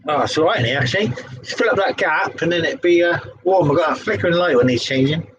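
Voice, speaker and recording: A man's voice: a little high, fast talker, a bit bright, muffled recording, slight background noise. A young man with a Devon accent hosting a casual pub quiz, laughing and swearing as he stumbles over the questions. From England. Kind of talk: casual quiz-reading chat.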